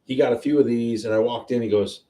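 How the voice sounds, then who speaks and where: A man hosting a whiskey tasting livestream, chatting casually and excitedly as he tastes. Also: medium pitch, fast talker, recorded from a distance, a little hiss or hum. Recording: roomy sound, a bit off-mic.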